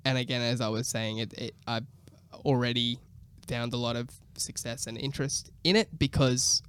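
A man's voice: medium pitch, normal speed, smooth. A man, a musician, chatting casually and telling stories with frequent laughter and swearing. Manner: laughing, animated storyteller, swears freely. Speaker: musician guest. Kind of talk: casual podcast chat.

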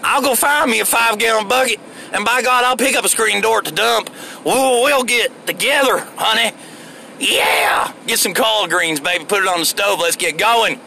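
A man's voice: sits high, normal speed, gravelly, bright, forceful tone, slight background noise, voice pushed up, full character voice. A man putting on a rowdy, boastful redneck man who whoops and hollers with an exaggerated drawl. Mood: hollering.

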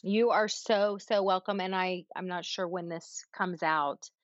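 A woman parenting coach giving advice in casual conversation, animated, demonstrating calming breaths with audible sighs. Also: lowish voice, measured pace, no echo, dull audio.

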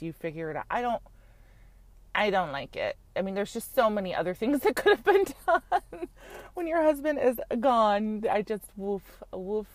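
A woman's voice: mid-range voice, dry recording. A woman giving a casual, gossipy recap of a reality show, frank and chatty, peppering her talk with "like" and the odd swear. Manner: chatty, frank, heavy use of "like", swears freely.

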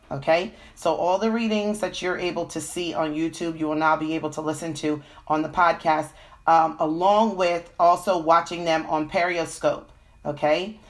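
Woman w a cold doing a tarot livestream, lowish voice, lots of um and okay. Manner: chatty, frequent fillers and "okay?" check-ins. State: has a cold. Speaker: tarot reader. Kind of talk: live-stream tarot reading.

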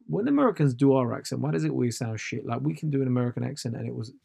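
Casting: British male comic with a gravelly, creaky voice for a dry, close podcast rant. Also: mid-range voice, expressive, very fast, mellow, no echo. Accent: British English. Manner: ranting, slangy and swearing. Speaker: podcast host, stand-up comedian. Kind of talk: comedic podcast monologue.

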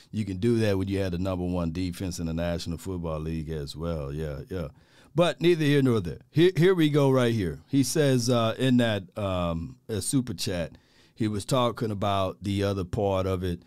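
A male sports talk host on a livestream, animated and exasperated, drawling informally, repeating phrases and laughing often as he reads viewer chats. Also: sits low, normal speed, smooth, no room sound, studio quality.

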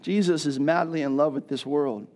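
A middle-aged man preaching a sermon as pastor, animated and building to loud rhetorical questions. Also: fairly high pitch, normal speed.

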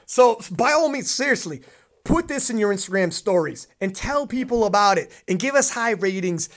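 A man co-hosting a casual podcast, talking in a rambling, animated way and laughing often. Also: high voice, moderate pace. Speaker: podcast co-host.

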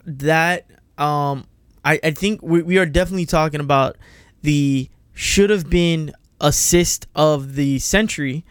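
A man co-hosting a casual football podcast, lively and joking. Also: measured pace, clean tone, no echo, studio quality. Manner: lively, joking, swings in pitch. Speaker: podcast co-host.

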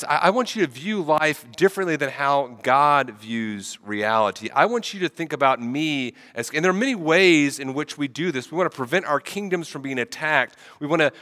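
Man, pastor, sermon, head cold, bright tone, stammering restarts, hall reverb. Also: medium pitch. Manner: conversational, repeats words when starting sentences.

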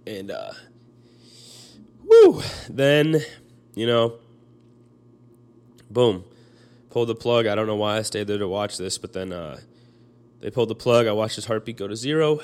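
A young man telling a personal story in a halting way, full of fillers and restarts, choked up as he speaks. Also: lowish voice, big pitch swings, a little mellow.

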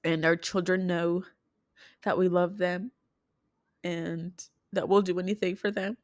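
A young woman talking to her viewers in a heartfelt personal vlog, halting and restarting as she speaks. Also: on the low side, level tone, dry recording, studio quality. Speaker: vlogger.

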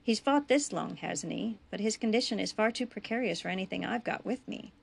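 Woman reading a frontier doctor, weary, matter-of-fact, gravelly edge, audiobook story. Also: mid-range voice, a little fast.

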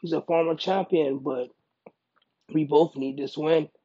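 A man's voice: on the high side, a little slow, husky, no room sound, muffled recording. A man, a fighter being interviewed, talking casually and emphatically, repeating his points. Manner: emphatic, repeats himself, bursts into loud excited quoting.

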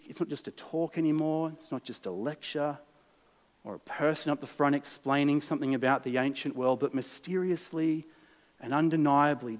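Earnest Australian preacher in a reverberant hall. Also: male voice, a little high. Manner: conversational, earnest, shifts between lively and hushed. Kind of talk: sermon. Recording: long reverb in a large hall.

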